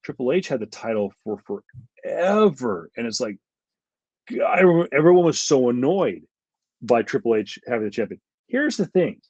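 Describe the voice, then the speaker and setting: A man's voice: mid-range voice, big pitch swings, moderate pace, darkish tone, breathy edge, no room sound, lo-fi sound. A man co-hosting a podcast, giving rambling, heated opinions with lots of fillers. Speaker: podcast co-host. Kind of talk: casual chat.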